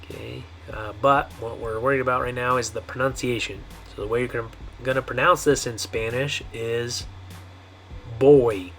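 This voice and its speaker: A man teaching a pronunciation lesson, who talks patiently and repeats each word slowly with a frequent "okay". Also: mid-range voice, pushed and bright. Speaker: Spanish teacher. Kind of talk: language lesson.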